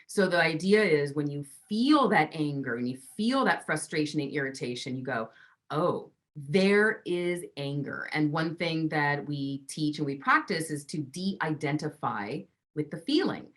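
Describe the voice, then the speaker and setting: Coach lady, kinda low voice, punchy and emphatic, does little voices of what you think. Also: lively intonation, normal speed, few pauses. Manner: emphatic, acts out inner voices. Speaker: relationship coach guest. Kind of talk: teaching interview talk.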